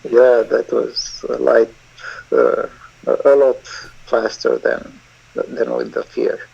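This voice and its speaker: A man's voice: mid-range voice, flat delivery, takes it slowly, creaky, a little mellow, husky. A man giving brief, hesitant answers as a coaching client over a video call. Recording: dull lo-fi call audio with faint noise.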